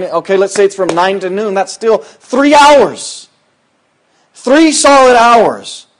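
A man preaching a sermon, moving between loud, high-pitched emphatic lines and low, quiet asides. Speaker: pastor.

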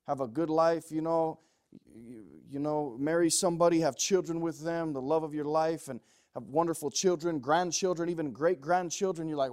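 A man preaching a sermon, moving from quiet, pleading passages to loud, shouted ones. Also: fairly high pitch, moderate pace, few pauses.

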